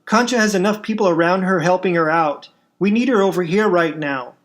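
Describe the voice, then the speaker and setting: A man's voice: high-pitched, fairly quick, fairly bright tone. A man voicing a commanding middle-aged restaurant owner in a story he reads aloud.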